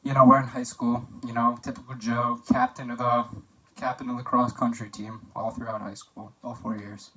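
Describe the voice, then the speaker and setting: Young guy, best-man toast for a class, joking and rambling, bright voice, mic at a distance. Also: mid-range voice, flat delivery, moderate pace. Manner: chatty and joking, with filler words and anecdotes. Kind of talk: mock wedding toast for a class assignment.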